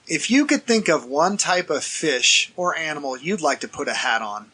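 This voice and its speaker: A man's voice: fairly high pitch, very animated, moderate pace, sharp tone, slightly rough, low-quality recording. A man in casual podcast chat, joking and riffing on silly ideas. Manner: joking, riffs on absurd ideas.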